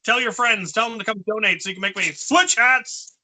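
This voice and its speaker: A man with a high, very bright voice, joking his way through a charity livestream. He keeps up a playful, hammy banter and pushes for donations. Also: brisk. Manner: playful, hams up a mock Russian voice. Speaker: charity stream co-host.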